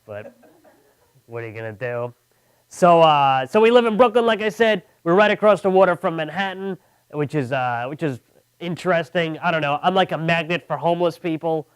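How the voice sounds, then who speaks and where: A man doing a stand-up set in a fairly high, clean and smooth voice. He pokes fun at himself and slips into other people's voices to act out each joke. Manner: self-deprecating, acts out quoted voices in his jokes. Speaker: stand-up comedian. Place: comedy show studio with audience.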